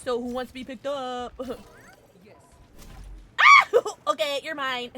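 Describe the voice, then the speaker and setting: A young woman streams a game and keeps up a running chatter, laughing often. Her voice sits high and swoops widely in pitch as she reacts, excitable and talking to herself. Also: slow pace, very noisy. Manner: giggly, excitable, talks to herself while playing. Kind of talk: casual gameplay chat.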